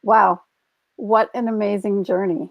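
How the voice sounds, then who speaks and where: Female interview host, slow unhurried delivery, short reactions; dull lo-fi sound. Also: medium pitch, steady tone, vocal fry. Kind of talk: casual interview. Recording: dull lo-fi audio.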